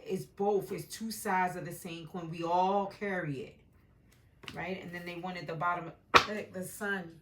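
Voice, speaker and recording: A woman's voice: fairly low pitch, fairly even intonation, a little slow, noisy background. A woman giving a meandering intuitive tarot reading from home, often adding "right?" as she talks. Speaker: tarot reader. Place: home with a dog nearby.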